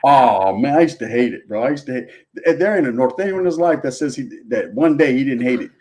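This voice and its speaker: A man's voice: medium pitch, quick pace. Slangy Chicano man chatting. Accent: Chicano English. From US West. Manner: animated, slangy, full of acted-out quotes. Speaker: host. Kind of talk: casual chat.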